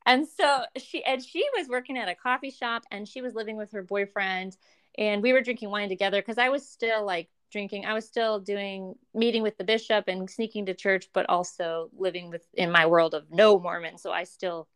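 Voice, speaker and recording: A woman's voice: mid-range voice, normal speed, smooth. A woman telling a long personal story in casual conversation, acting out the voices of the people she quotes and laughing now and then. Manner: animated, acts out quoted voices, laughs often. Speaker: guest.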